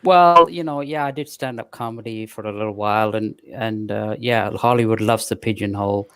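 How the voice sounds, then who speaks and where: A man from Pakistan with a British accent, answering interview questions in a halting way with many pauses and restarts. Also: fairly low pitch, a bit bright, clean tone, no echo, studio quality. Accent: British English. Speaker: podcast guest. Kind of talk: casual interview talk.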